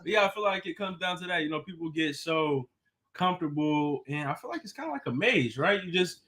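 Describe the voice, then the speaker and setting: A man with a somewhat high voice co-hosts a live relationship stream. He speaks casually and easily. He reads viewer comments aloud between his own points. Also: lively intonation, fairly quick, fairly bright tone. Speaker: co-host reading viewer comments.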